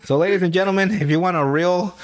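A man hosting a podcast, telling a story in casual chat, animated and profane and laughing often. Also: high-pitched, fast, clear, resonant tone. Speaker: podcast host.

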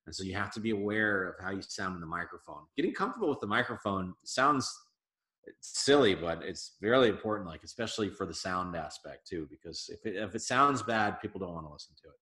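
A man, a comedian guest on a casual podcast interview, talking in an animated, emphatic way. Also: sits low, fairly quick, reverberant. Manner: animated, emphatic advice-giving.

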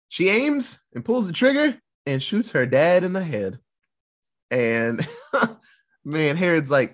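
Animated husky-voiced man recapping a movie. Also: on the high side. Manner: animated storytelling, quick voice switches for characters, laughs often. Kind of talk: casual movie recap chat.

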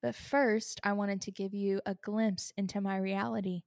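A woman's voice: medium pitch, level tone, moderate pace, vocal fry, darkish tone, no room sound, studio quality. A woman hosting a faith podcast, speaking earnestly and confessionally about sorrow, holding back tears. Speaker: podcast host. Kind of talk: personal faith podcast talk.

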